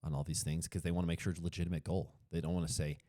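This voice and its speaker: A man's voice: low-pitched, little pitch movement, racing, dark tone, no room sound, studio quality. A man with a Colorado accent, co-hosting a podcast in casual chat, rambling and correcting himself as he goes. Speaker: podcast co-host.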